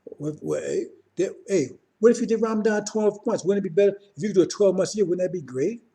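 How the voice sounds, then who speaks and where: A man's voice: high-pitched, fast, gravelly, mellow. A man giving an informal religious teaching, talking in short repeated phrases and often asking his listeners "see?". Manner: repetitive, keeps asking "see?", restarts often. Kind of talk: informal sermon.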